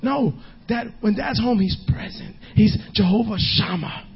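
A male pastor preaching a sermon, emphatic, often shouting and half-singing his lines. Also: sits high, unhurried, gravelly, dull audio, slight background noise.

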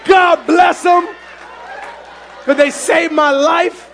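Man, pastor, fervent shouting sermon, very high voice, faint congregation behind. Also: very slow, creaky, a faint crowd. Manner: fervent preaching, often shouting; animated storytelling with exclamations. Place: church sanctuary.

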